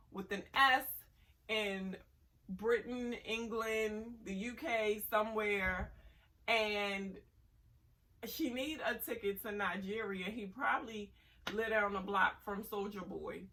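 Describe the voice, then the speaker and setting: Sassy woman ranting bout reality tv, bright sharp voice, bit far from the mic. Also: mid-range voice, fairly even intonation, slow. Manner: sassy, blunt, exasperated. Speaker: reality TV reviewer. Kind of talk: casual review commentary.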